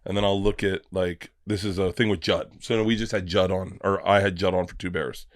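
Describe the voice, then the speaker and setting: A man who is a comedian guest on a podcast, telling stories in a casual, animated way, acting out the voices in his stories and swearing freely. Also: sits low, brisk, no echo, studio quality. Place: podcast studio.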